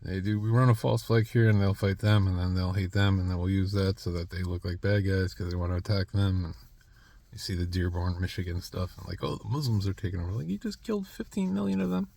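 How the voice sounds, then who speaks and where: A man's voice: sits low, little pitch movement, a little fast, dark tone. A man in his thirties talking in a rambling monologue, restarting his sentences and coughing between phrases. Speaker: vlogger.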